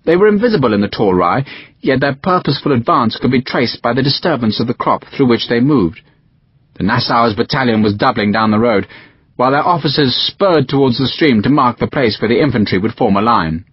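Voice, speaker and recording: A man reading a historical war novel aloud in scripted narration, with lively, expressive pitch. His voice is husky rather than clean. The recording is dry and a little dull. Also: fairly quick, dry recording. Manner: expressive storytelling with varied pitch. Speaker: audiobook narrator.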